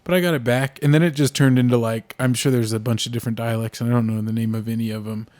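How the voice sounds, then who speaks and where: He's a young man from the US co-hosting a laid-back podcast, with a medium, darkish voice, steady tone, and quick pace. Covering politics and movies, he rambles, drops plenty of "like" and "uh," and restarts ideas midway.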